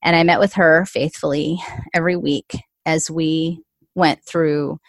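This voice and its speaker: Speaking as an interview guest, this author is a woman in her forties recounting a heartfelt faith story, earnest and full of "like." Her deep voice holds a fairly even intonation at a measured pace. The recording has no room sound.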